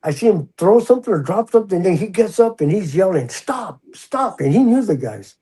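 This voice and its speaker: A husky, mellow-toned older man tells his story as a guest in a relaxed interview. He talks in a slightly higher register and acts out the lines of the people in his story. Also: quick pace, low-quality recording. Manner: animated, acts out the quoted voices. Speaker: guest, retired prison officer. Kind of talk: casual storytelling in a podcast interview.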